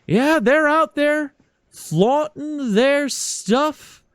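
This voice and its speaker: A man voicing a bigoted male politician giving a loud, pompous rally speech. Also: very high-pitched, lively intonation, extremely slow, dry recording, studio quality, pitched above the performer's own voice, exaggerated voice. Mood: rousing. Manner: loud, pompous, crowd-rousing.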